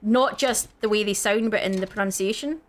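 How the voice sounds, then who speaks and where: A woman from the Scottish Highlands with a Scottish accent, co-hosting a gaming video and chatting casually, rambling with lots of fillers and restarts. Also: fairly quick. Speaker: gaming channel co-host. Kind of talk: casual chat while gaming.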